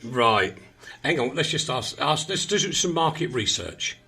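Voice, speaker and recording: A man's voice: mid-range voice, lively intonation, unhurried, pushed and bright, husky, soft background music. A man hosting a radio show in a small studio, chatting casually and rambling in a self-mocking way. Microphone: studio microphone.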